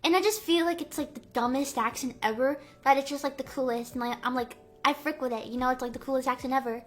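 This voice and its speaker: A woman's voice: high voice, fast. A woman streaming, chatting casually in a playful, rambling way full of "like" and "um". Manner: playful, jokey. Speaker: livestreamer. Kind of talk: casual chat.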